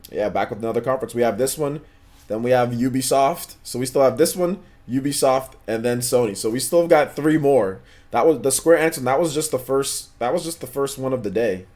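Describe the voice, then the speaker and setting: Answering viewers on his gaming livestream, a man speaks briskly in a mid-range voice with a darkish tone. He's the host, relaxed and slangy in casual chat, and he tends to say things more than once.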